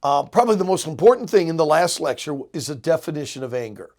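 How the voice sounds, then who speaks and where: Middle-aged guy lecturing students on counseling, kinda high voice, earnest and punchy. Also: big pitch swings, quick pace, darkish tone. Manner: earnest, emphatic, illustrates with examples. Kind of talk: recorded seminary lecture.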